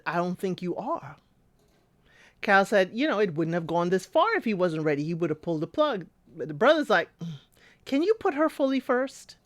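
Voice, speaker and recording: A woman's voice: lowish voice, no room sound. A woman recapping a reality show in casual commentary, chatty and talking back to the people she describes. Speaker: recap host.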